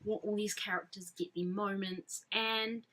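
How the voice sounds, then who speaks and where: A woman talks slowly in a casual fan vlog, her voice bright and forward. She rambles effusively, full of fillers and false starts, at a middle pitch. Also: fairly even intonation, poor audio. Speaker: fan vlogger reviewing a film. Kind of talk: casual chat.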